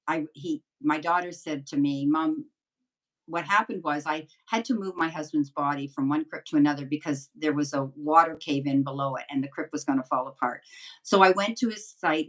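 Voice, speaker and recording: A woman's voice: sits low, a bit bright, recorded from a distance, low-quality recording. An older woman, a psychic medium guest, telling rambling, chatty anecdotes in a casual interview.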